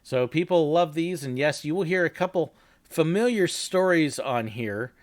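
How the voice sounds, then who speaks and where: A man's voice: on the high side, expressive, normal speed. A man hosting a live chat, talking casually and joking while answering viewers and telling work stories. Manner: chatty, laughs easily, jokey. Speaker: host. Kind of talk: live reaction chat and storytelling.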